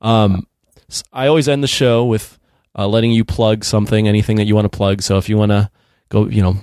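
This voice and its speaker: A man's voice: fairly low pitch, level tone, fairly quick, darkish tone, clean tone, dry recording, studio quality. A man hosting a podcast, chatting casually with a guest, easygoing, retelling funny moments with quoted bits. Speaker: podcast host. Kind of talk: casual interview chat.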